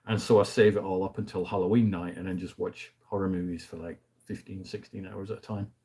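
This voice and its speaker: A man hosting a casual film chat, rambling and enthusiastic, often trailing off quietly at the ends of his thoughts. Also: fairly low pitch, steady tone, a little fast, few pauses, slightly rough. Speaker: host, film reviewer.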